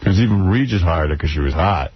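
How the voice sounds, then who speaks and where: A man's voice: deep voice, a little fast. A man hosting a radio show, chatting casually in a crude, blunt way. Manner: crude, blunt and animated storytelling. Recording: dull radio broadcast audio with faint noise.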